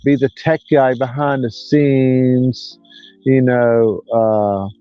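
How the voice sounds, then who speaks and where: A man's voice: medium pitch, steady tone, slow pace, smooth, dry recording, soft background music. Rambling older man, lo-fi. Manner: rambling, drawn out, folksy. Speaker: livestream host. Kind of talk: casual livestream chat. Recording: dull lo-fi dry sound.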